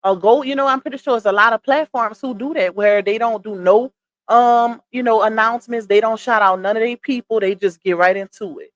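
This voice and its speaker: A woman's voice: a little high, brisk, no echo, dull audio. Chatty Southern woman live streamer. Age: 30s. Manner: chatty, shouts out viewers by name, reads comments aloud; laughs often, Southern slang like "child" and "y'all". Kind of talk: casual live stream chat.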